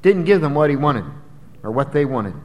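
A man preaching an expository sermon, emphatic, swinging from loud dramatic peaks to low, quiet drops. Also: lively intonation, normal speed. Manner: emphatic, dramatic rises and drops in pitch and volume. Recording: long hall reverb.

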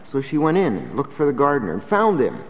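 A man's voice: mid-range voice, huge pitch swings, fast talker, in a large hall. A man preaching a sermon in an earnest, emphatic, exhorting manner.

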